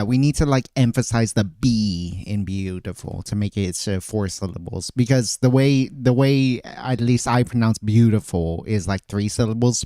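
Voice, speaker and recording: A man's voice: lowish voice, mellow, no echo, clean studio sound. A man streaming casually, thinking aloud, often trailing off and restarting his phrases. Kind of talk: casual livestream chat.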